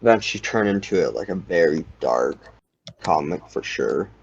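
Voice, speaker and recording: A man's voice: deep voice, lively intonation, normal speed, creaky, husky. A young man in casual chat, rambling and saying "like" constantly. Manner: rambling, heavy use of "like". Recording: dull lo-fi sound.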